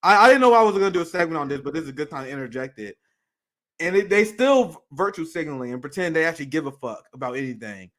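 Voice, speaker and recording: A man's voice: fairly high pitch, expressive, fast talker, a bit bright. A man co-hosting a political talk show, speaking bluntly and profanely, often laughing and stammering through restarts. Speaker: political podcast co-host.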